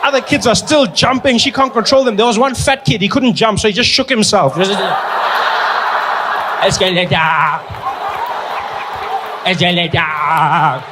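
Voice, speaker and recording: A man telling stand-up stories in a high, lively voice. He swings playfully between big and quiet moments as he works the room. Club noise hums steadily beneath his handheld mic. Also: a little fast, hardly any pauses, over a noisy crowd. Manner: animated, playful storytelling with big vocal swings. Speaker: stand-up comedian. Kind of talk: stand-up storytelling. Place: comedy stage before a live audience. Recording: live comedy club with noise.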